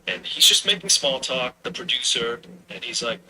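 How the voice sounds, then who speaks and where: A man, a voice actor, casually telling an anecdote in a lively way and acting out the lines of the people in it. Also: medium pitch, moderate pace. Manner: lively storyteller, acts out quoted dialogue. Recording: steady background noise.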